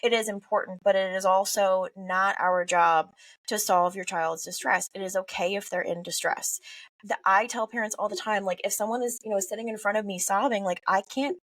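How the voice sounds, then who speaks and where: Young female therapist guest, animated and expressive, dry room, slightly distant. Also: medium pitch, moderate pace, dry recording. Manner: expressive, animated, acts out quoted parents and teens. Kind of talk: conversational podcast interview.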